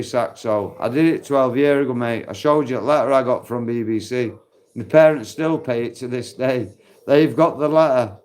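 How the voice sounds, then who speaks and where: A man hosts a casual live stream from a park, talking straight into his phone. He is blunt and matey, swearing freely as he chats with viewers. His voice sits at an ordinary middle pitch for a man. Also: normal speed, darkish tone. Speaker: livestream host. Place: outdoors in a park.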